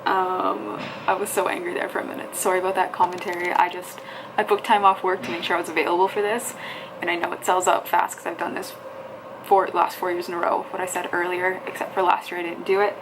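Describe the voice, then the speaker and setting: A woman's voice: fairly low pitch, flat delivery, quick pace, background noise. A woman vlogging casually, talking to herself and her viewers, exasperated and swearing as she tries to register online. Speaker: fitness vlogger. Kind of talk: casual vlog commentary.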